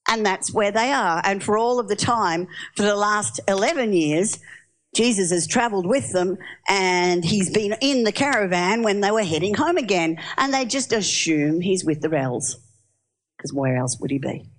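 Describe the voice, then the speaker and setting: A woman preaching a sermon, telling stories in a lively way and asking the audience questions. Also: medium pitch, normal speed. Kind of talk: sermon with storytelling.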